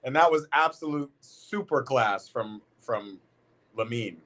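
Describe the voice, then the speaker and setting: A man's voice: medium pitch, animated, unhurried, fairly bright tone. A man hosting a live football watch party, chatting casually in slang and reading out comments from chat.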